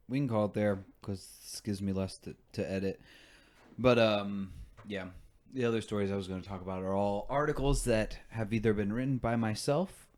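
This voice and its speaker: A man with a low voice hosts a podcast in loose, casual banter. He jokes, swears freely and laughs often. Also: a little mellow. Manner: laughs often, joking, profane. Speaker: podcast host.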